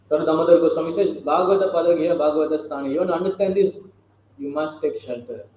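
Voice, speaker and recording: Here a scripture class speaker with a warm, somewhat high voice talks informally, repeatedly asking his audience rhetorical questions. Faint noise and heavy echo fill the room.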